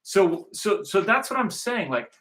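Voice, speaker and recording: A man's voice: sits high, sing-song, unhurried, fairly bright tone. A man from Southern California giving a rambling, repetitive recruitment monologue, circling back to the same points. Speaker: movement organizer.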